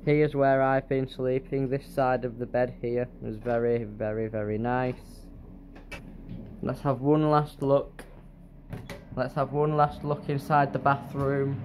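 A man's voice: mid-range voice, flat delivery, unhurried, a little mellow, slight background noise. A man from England chatting to camera in a travel vlog, rambling with fillers and asides from a hotel room. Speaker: travel vlogger. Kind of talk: casual vlog chat to camera.

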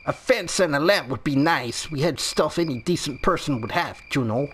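A man's voice: fairly high pitch, animated, normal speed, a bit bright, a little hiss or hum, voice pushed up. A man voicing a grateful villager in a video game, reading the dialogue plainly. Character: grateful villager with rebuilt house.

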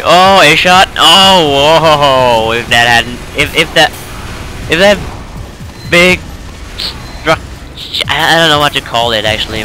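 Tired dude slowly rambling thru a let's play, music playing behind. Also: male voice, mid-range voice. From Norway. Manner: rambling, self-correcting, chuckling. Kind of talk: casual gameplay commentary.

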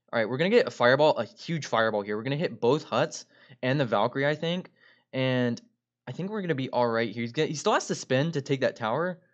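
A man's voice: medium pitch, highs cut off. A man giving upbeat play-by-play commentary on his own gameplay as a video creator, often turning to address his viewers directly.

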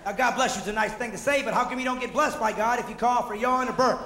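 A man performing energetic, mocking stand-up comedy on stage, acting out the voices he quotes. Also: extremely high pitch, fast. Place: theater stage before a live audience. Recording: roomy hall with audible audience noise.

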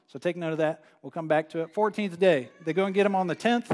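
A man's voice: high-pitched, fast, few pauses, a little mellow. A male pastor preaching a sermon in a conversational way, repeating phrases for emphasis. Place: church sanctuary. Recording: live church broadcast with long hall reverb.

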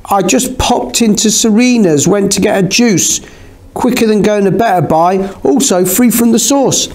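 A nervous, evasive young man, as a male audiobook reader puts him on, his voice lifted higher than the reader's own. He trips over his words and hurries to explain himself, in a storybook telling. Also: moderate pace, darkish tone. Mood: flustered.

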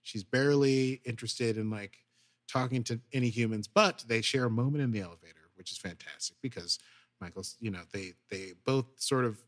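A man with a mid-range voice, talking a little fast, recaps an episode as a podcast co-host. The chat is casual, and he livens it up by acting out characters' lines.

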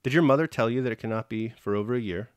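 A man reads a grave prince in an audiobook reading, measured and earnest. His voice is mid-pitched and sounds close and dry. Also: no echo, lightly acted. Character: grave aristocratic officer, a prince.

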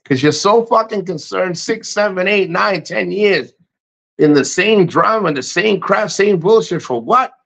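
A man's voice: sits high, animated, a little slow, vocal fry, fairly bright tone. A man hosting a casual livestream, reading chat and giving blunt, profane motivational rants. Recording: muffled lo-fi stream audio.

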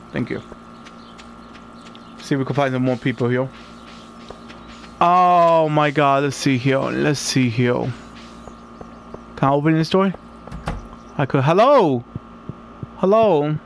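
A man's voice: on the high side, a little slow, gravelly, pauses often, a little hiss or hum. Male let's-player: loose, rambling, swears, talks to the viewers. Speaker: gamer. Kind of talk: casual let's-play commentary.

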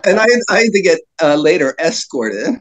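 Guy telling wild stories on a podcast, kinda high voice, does little voices for people. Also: normal speed. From New Jersey. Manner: animated anecdotes, slips into voices for other people. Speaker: guest. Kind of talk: casual storytelling.

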